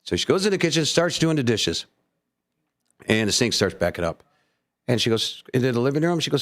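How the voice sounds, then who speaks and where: A man's voice: medium pitch, sing-song, fairly quick, long pauses, fairly bright tone. A man co-hosting a morning radio show, rambling through stories and jokes and laughing often. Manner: rambling storyteller, laughs often, acts out voices. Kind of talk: casual on-air banter and joke telling. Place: radio studio. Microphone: studio microphone.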